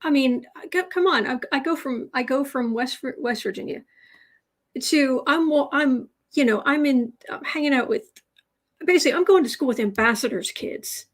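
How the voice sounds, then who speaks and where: A woman from the United States hosts a tarot livestream and chats loosely with her viewers. Her voice sits a bit high, and she drifts from story to story in a casual, talkative way. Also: normal speed. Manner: chatty, digressive storytelling. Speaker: tarot reader, livestream host.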